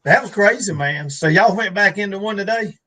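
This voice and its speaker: A man's voice: sits high, brisk, sharp tone, poor audio. A man tells a rambling story on a live show, full of fillers and restarts. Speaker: guest. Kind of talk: casual storytelling on a live stream.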